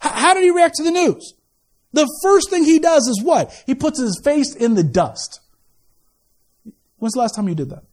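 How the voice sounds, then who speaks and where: Man, pastor, high voice, animated sermon, jokey asides, loud then hushed. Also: moderate pace, pauses often. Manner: animated preaching with asides and laughter, swinging from loud to quiet.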